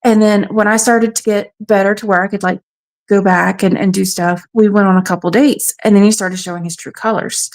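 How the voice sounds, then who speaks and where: On a radio show, a woman from South Carolina, USA, testifies plainly and briskly about a personal ordeal. Her medium-pitched voice keeps a steady tone.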